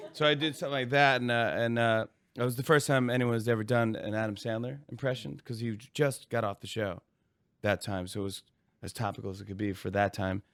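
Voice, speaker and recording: Bright-sounding guy comic telling a story, laughy and animated. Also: mid-range voice, fairly quick, no echo. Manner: animated, laughing, acts out quotes. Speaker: guest comedian. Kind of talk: casual storytelling.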